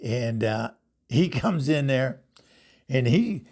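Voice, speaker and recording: Gravelly older man telling stories. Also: medium pitch, expressive, takes it slowly, darkish tone. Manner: rambling, laughs often, acts out quoted voices. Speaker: host. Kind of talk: casual storytelling monologue.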